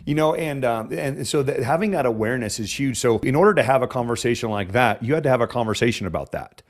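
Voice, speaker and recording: A man's voice: medium pitch, expressive, quick pace. A man hosting a podcast interview, a chiropractor who talks in an emotional, rambling way with many restarts.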